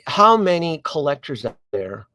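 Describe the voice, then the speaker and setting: A collectibles live-stream host, whose voice is a little high, talks at a moderate pace in a dry recording. He tells a long story casually and digressively, animated throughout, with many restarts and asides aimed at viewers.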